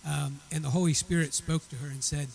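A man's voice: fairly high pitch, steady tone, brisk, vocal fry, a little hiss or hum, low-quality recording. A man teaching a church Bible study. He retells a story in a conversational way and often repeats words as he restarts his sentences.

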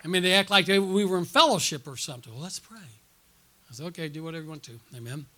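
A middle-aged man, a pastor preaching a sermon at a church conference, telling a personal story and calling out to the congregation, rising to loud excited peaks and dropping to quiet asides. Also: a little high, very fast.

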